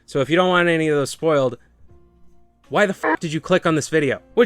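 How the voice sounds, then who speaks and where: Male comedic game commentator: smooth, dry voice, sarcastic, swears often. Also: on the high side, quick pace, fairly bright tone, dry recording, faint music behind. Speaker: gaming video host.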